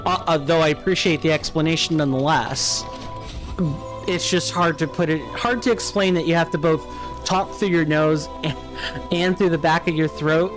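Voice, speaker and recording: A man with a General American accent, his voice a touch higher than most men's, talks loosely through a live game stream. He muses aloud and answers his chat while faint game music plays behind him. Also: fairly even intonation, moderate pace. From United States. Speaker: let's play streamer. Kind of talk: casual live gameplay chat.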